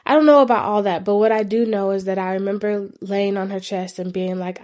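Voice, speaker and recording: A woman's voice: mid-range voice, fairly even intonation, a little fast, hardly any pauses. Woman vlogging about something personal, earnest and reflective, mid-range voice. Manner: reflective, earnest, soft-spoken at times. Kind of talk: personal storytelling vlog.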